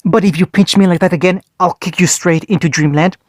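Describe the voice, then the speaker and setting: A man's voice: sits high, fairly even intonation, fairly quick, no echo, lightly acted. Man reading a teasing pregnant young woman, dry close sound. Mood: wry. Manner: wry, teasing.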